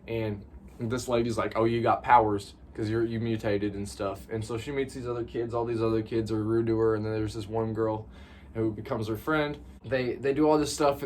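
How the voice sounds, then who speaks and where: A man's voice: medium pitch, slight background noise. A young man giving a casual, rambling movie review, often repeating words and saying "like".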